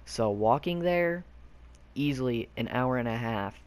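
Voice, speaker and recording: A man's voice: mid-range voice, lively intonation, a little slow, clear, resonant tone. A young man from Arkansas telling a childhood story casually, rambling with lots of fillers and loose slang. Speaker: YouTube storyteller.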